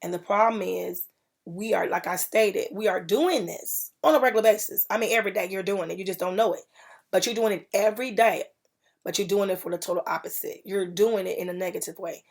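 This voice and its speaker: A woman's voice: mid-range voice, a little fast, vocal fry, husky. A woman hosting a faith-based motivational podcast, preaching and repeating key phrases for emphasis. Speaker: podcast host.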